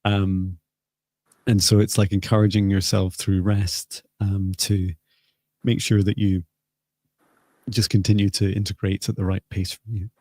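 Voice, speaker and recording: A man hosting a live psychic healing session, speaking softly and hesitantly with many pauses. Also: low voice, little pitch movement, no room sound, studio quality. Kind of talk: slow, gentle guided healing talk.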